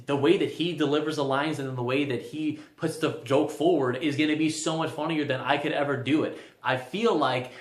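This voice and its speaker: A man's voice: on the high side, steady tone, fairly quick, few pauses, reverberant. A young man giving a casual spoken movie review, rambling and often stammering over restarts.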